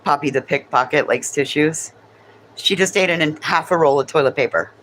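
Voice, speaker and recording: A woman's voice: normal speed, a bit bright, slight background noise, rough recording. A woman chatting casually with viewers, swearing freely. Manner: high sing-song baby talk to her dogs. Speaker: livestream host.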